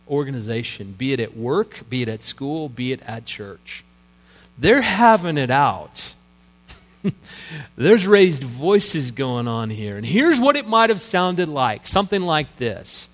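A man preaching a sermon as guest pastor, conversational and animated, acting out the scenes he describes. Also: fairly high pitch, moderate pace. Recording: long church reverb.

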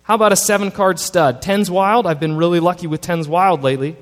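A cocky, pushy card-sharp Pharisee, as a preacher puts him on, bragging about his winning streak in a raised, brighter voice. The sound carries a long reverb from a big hall. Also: high-pitched, a little fast, voice pushed up, lightly acted. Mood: boastful. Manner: eager, boastful, pushy.

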